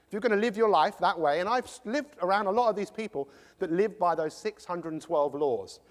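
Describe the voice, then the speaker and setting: A high-voiced English man works a live audience with a jokey, animated motivational talk. He slips into quick impressions as he goes. His voice rings out with a long reverb from the big hall. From England. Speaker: motivational speaker.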